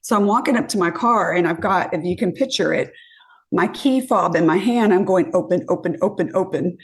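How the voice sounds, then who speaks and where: At medium pitch and normal speed, a fifty-something woman appearing on a podcast tells dating anecdotes casually and with lots of energy, acting out other people's lines.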